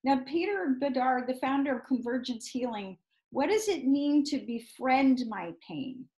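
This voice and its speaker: A woman's voice: high-pitched, animated, unhurried, a little mellow, low-quality recording. A woman hosting an interview as a medical intuitive healer, explaining step by step and often checking in with "right?". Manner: explanatory, keeps asking "right?".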